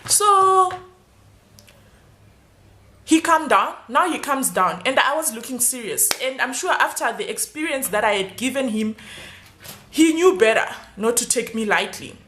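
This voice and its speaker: A young adult woman telling a storytime vlog, animated and acting out the dialogue. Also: high-pitched, a little slow, long pauses, echoey room. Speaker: YouTuber.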